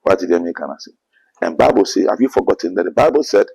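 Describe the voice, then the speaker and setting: A man's voice: low voice, expressive, fast talker, gravelly, a little mellow, husky, low-quality recording. A man with a Ghanaian accent, an apostle answering interview questions in an earnest preaching manner, often quoting scripture. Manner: earnest, quotes scripture, rising to emphatic bursts.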